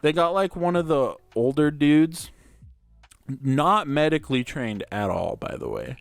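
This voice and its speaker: Young male podcast host, crude and easygoing storyteller, clear voice, dry close mic. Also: a little high, sing-song, a little slow, no room sound. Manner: crude and laid-back, heavy on "like" and swearing. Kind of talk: casual storytelling chat.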